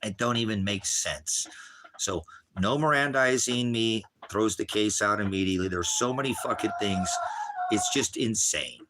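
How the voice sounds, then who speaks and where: A man's voice: fairly low pitch, normal speed, background noise. A middle-aged man ranting on a livestream, talking in an agitated, rambling way and swearing constantly. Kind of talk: angry livestream rant.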